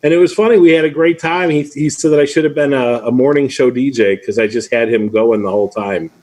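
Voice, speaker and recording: A man's voice: medium pitch, fast, darkish tone. A middle-aged man hosting a livestream, chatting casually and telling a teasing story. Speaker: host.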